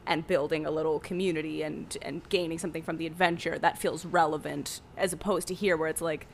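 A woman co-hosting a podcast, recapping a film in casual chat, giggling often and acting out the characters' lines in quick voices. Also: sits low, fairly even intonation, vocal fry, slight background noise. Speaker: podcast co-host.

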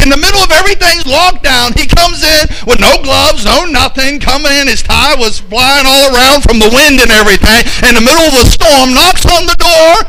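A middle-aged male pastor preaching a sermon, building to emphatic shouts and drawn-out phrases. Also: extremely high pitch, noisy background.

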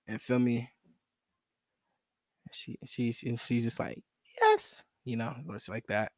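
A man's voice: mid-range voice, steady tone, slow, long pauses, dry recording, studio quality. Young man hosting a rambling solo podcast. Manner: rambling, slangy, self-mocking. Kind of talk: casual joking monologue.

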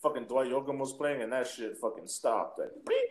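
A man's voice: medium pitch, a little fast, reverberant. A man telling a story in casual, profane podcast chat, acting out the other people's lines. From Utah. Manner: animated storyteller, swears constantly, acts out quotes. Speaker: podcast co-host.

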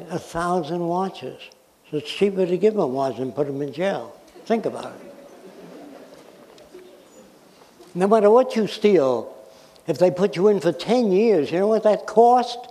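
A high-pitched American man with a darkish tone lectures the public bluntly and emphatically, making his points through examples and questions; the recording picks up the reverb of the lecture hall.

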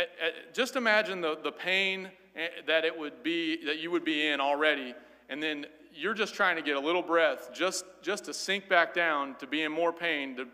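A man's voice: a little high, bright, forceful tone. A man teaching a Sunday school Bible class in an earnest, emphatic way, often repeating words as he goes. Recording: long hall reverb.

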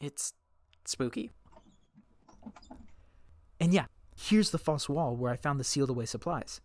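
A man's voice: mid-range voice, no room sound. A man narrating a scripted survival story in character, playful and chatty as he talks to his dog and reads out fun facts.

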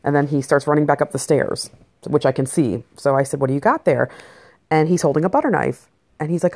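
A woman in her forties with a notably low voice tells stories about raising her boys. She rambles casually, swears freely and fills her talk with "like" and "you know," sounding blunt and unfiltered. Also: fast, vocal fry, darkish tone. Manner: rambling, blunt and profane with lots of fillers. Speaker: mother of boys. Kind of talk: casual personal monologue.

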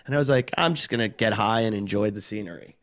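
Middle-aged comic, lowish voice, rambling anecdotes, self-mocking, acts out quotes. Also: male voice, quick pace. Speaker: touring stand-up comic, podcast guest. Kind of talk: casual storytelling chat.

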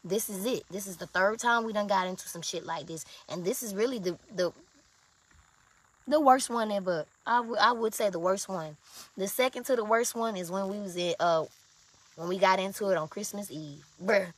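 Young woman, casual storytime to viewers, blunt, swears a lot, mid-pitched voice. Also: moderate pace, breathy edge. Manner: blunt, profane, emphatic storytelling.

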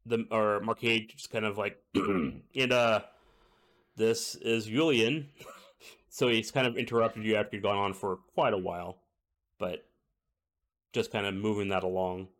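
A man narrating as game master in a tabletop game. His voice sits somewhat low. He talks casually and pauses often on fillers. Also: flat delivery, fairly bright tone.

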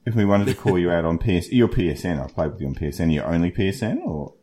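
Male podcast co-host, very low voice, lively and jokey. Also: rapid-fire. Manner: jokey, laughs often. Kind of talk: casual gaming podcast chat.

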